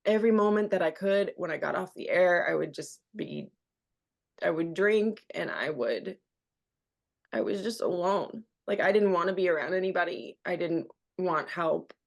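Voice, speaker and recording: A woman's voice: on the low side, normal speed, gravelly. A woman in her thirties, a radio host and guest, candidly telling an emotional personal story and often quoting what others said to her. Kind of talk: personal storytelling in a podcast conversation.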